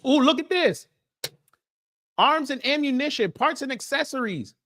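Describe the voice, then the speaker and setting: A man's voice: very high voice, animated, normal speed, bright, forceful tone. A man hosting a casual reaction stream, joking and talking straight to his viewers as he goes down a list. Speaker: commentary streamer.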